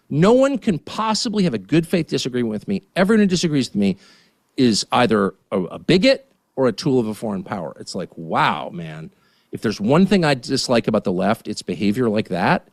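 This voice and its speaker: A man in his fifties giving a heated, indignant political rant as a studio guest, swinging between muttered asides and near-shouts. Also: medium pitch, no echo. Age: 50s. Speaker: guest commentator.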